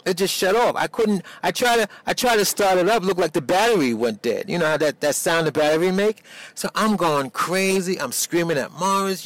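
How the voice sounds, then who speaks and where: In a low-quality recording, an older New Yorker with a high, slightly bright voice speaks animatedly and a bit fast. He rambles through a personal story casually, restarting often and using dialect grammar.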